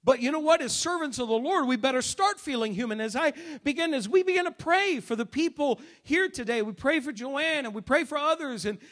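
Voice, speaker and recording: A man preaching a sermon in church as pastor, emphatic, swinging between shouts and hushed asides. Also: very high-pitched, expressive, brisk, hardly any pauses. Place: church service.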